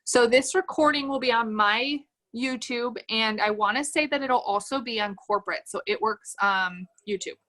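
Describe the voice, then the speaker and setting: A woman's voice: a little high, moderate pace, hardly any pauses, fairly bright tone. Upbeat woman giving a livestream pep talk. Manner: upbeat, motivational, reads chat comments aloud. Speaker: direct-sales team leader.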